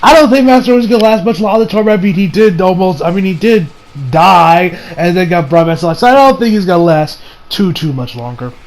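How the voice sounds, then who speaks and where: A man with a fairly high voice recapping an anime episode in an off-the-cuff way. He trails off and backtracks, using lots of slang and casual swearing. He sounds excitable throughout. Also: a little fast, rough recording. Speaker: anime reviewer.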